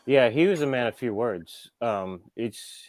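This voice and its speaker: A man's voice: mid-range voice, expressive, a little slow, a little mellow, dry recording. A man who owns a skateshop, telling stories as a guest in a sit-down interview, in a loose, rambling way full of "like" and "you know.". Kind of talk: casual storytelling in a sit-down interview.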